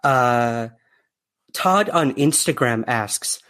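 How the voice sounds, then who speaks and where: A man's voice: medium pitch, expressive, drawn-out words, fairly bright tone. A man hosting a podcast interview, friendly, with lots of fillers and restarts as he reads out listener questions. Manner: friendly, hesitant with many fillers. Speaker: podcast host.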